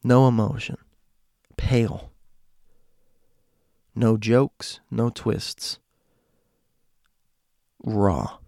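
A man telling a story casually, slowing and dropping to a hush at suspenseful moments with dramatic pauses. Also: on the low side, steady tone, vocal fry, no room sound, studio quality.

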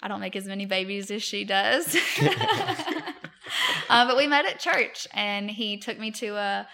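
A woman's voice: mid-range voice, unhurried, gravelly, pushed and bright. A woman, telling stories as a podcast guest, chatty with many fillers and frequent laughs. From Mobile, Alabama, US. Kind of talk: casual chat.

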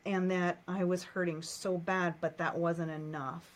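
A guest from the United States tells a painful story from her childhood during a coaching session, repeating short, emotional phrases. She has a lowish voice with a level tone and talks a little slowly.

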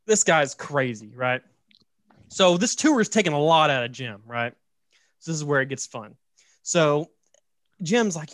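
A man casually telling a story on a podcast, joking and animated, tossing in "right?" and "like" as he goes. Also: a little high, a little slow, long pauses, no echo, clean studio sound. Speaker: podcast host.

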